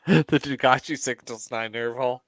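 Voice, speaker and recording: A man's voice: medium pitch, normal speed, dry recording. A man co-hosting a casual podcast, joking and swearing often and laughing as he comments on a wrestling match. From US Midwest. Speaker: podcast co-host.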